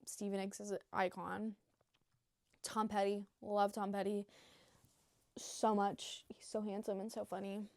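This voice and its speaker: A young woman talks straight to camera in a loose, unscripted vlog, rambling and gushing with plenty of filler words and swearing. Her voice sits at a middle pitch for a woman. The sound is close and dry, with no room echo. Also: little pitch movement, a little slow, long pauses. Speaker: new vlogger. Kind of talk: casual unscripted vlog chat.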